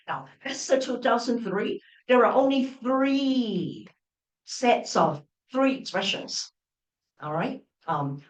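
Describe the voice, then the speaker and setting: A woman lecturer giving an academic talk, full of fillers and restarts, often checking in with the audience. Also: medium pitch. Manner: hesitant, with many restarts and fillers, checking in with "all right?". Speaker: university lecturer. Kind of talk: academic lecture at an open day. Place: lecture room. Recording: echoey room, voice from a distance.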